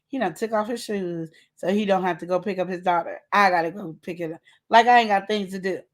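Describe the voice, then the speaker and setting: An adult woman with a child hosts a casual live show, chatting and teasing as she addresses her viewers directly in a live-stream. She speaks fairly quickly at medium pitch.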